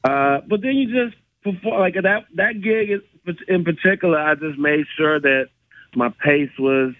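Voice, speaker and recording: A man in his thirties, a guest comedian calling in, telling stories in a halting, laid-back way with many restarts. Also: fairly high pitch, dry recording. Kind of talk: casual storytelling. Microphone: phone. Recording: tinny dry phone line.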